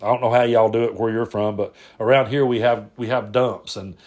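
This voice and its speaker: A man's voice: fairly low pitch, fairly even intonation, a little fast, darkish tone. Man telling stories with restarts. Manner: rambling, repeats words, frequent restarts. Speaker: podcast host. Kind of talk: casual storytelling monologue.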